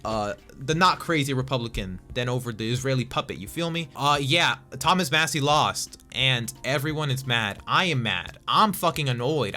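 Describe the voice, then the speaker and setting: A man's voice: medium pitch, pushed and bright. A young man ranting casually about politics, profane and heated, often stumbling over his words and restarting. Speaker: political vlogger.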